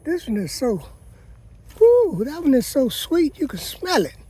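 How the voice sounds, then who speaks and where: A man vlogs his vegetable garden walkabout in an extremely high voice with a dark tone and wildly swooping pitch, keeping a measured pace. Folksy and casual, he often calls his viewers "people."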